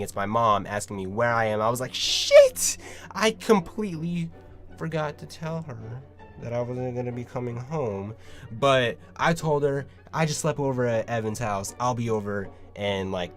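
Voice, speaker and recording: A man's voice: medium pitch, fairly bright tone. A young man vlogging a casual storytime, loose and chatty, full of filler words and swearing.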